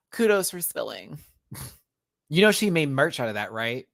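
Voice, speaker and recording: A man's voice: on the high side, sing-song, measured pace, creaky, a bit bright, no echo, clean studio sound. A man reviewing a drag competition show in a livestream, sassy and campy, full of slang and frequent laughter, talking straight to viewers. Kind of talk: casual livestream commentary.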